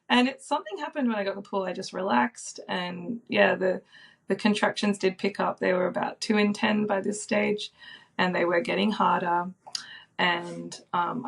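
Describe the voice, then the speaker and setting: A woman in her thirties, a podcast guest telling a personal story in a soft, reflective way with frequent ums and likes. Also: fairly low pitch, vocal fry, slightly rough. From Australia.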